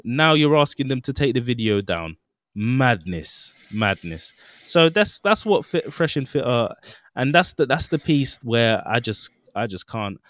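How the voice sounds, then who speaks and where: A man's voice: mid-range voice, sing-song, unhurried, fairly bright tone, no echo, studio quality. A man, co-hosting a podcast and telling a story in casual chat with lots of fillers. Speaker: podcast co-host.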